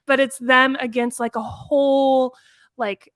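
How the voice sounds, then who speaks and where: Animated woman podcast co-host. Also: high-pitched, no echo. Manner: animated, quick bursts of speech with frequent "like". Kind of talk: casual chat.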